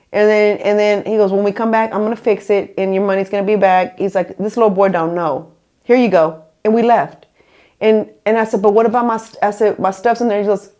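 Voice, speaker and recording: Woman podcast host, casual storyteller who keeps slipping into voices. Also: mid-range voice. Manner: animated, acts out quoted people.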